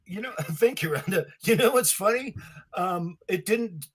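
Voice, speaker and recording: Husky, joking man. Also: high voice, lively intonation, a little slow. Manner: joking, laughs often. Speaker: impressionist guest. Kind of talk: casual chat.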